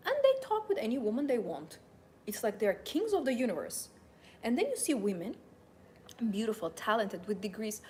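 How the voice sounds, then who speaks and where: A woman's voice: a little high, big pitch swings, normal speed, a little mellow, a little hiss or hum. A woman coaching her viewers in a live talk, stating rights in emphatic, repetitive declarations and speaking straight to them. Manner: coaching, addresses viewers directly. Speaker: femininity and wealth coach. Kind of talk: motivational livestream talk.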